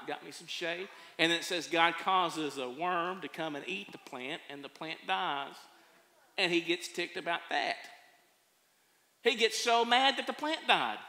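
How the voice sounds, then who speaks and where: A pastor preaching with lively, folksy storytelling. His voice is fairly high for a man and bright. It echoes with a long reverb through a church sanctuary. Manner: animated storytelling with folksy humor. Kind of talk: sermon.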